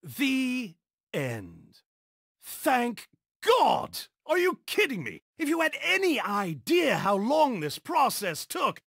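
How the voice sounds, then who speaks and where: An American man with a put-on British accent, playing a video game narrator who rants and often shouts in a recording studio. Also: very high-pitched, creaky, no echo, heavily acted. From United States. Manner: ranting, frequently shouting. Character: exasperated male game narrator who quits in a huff.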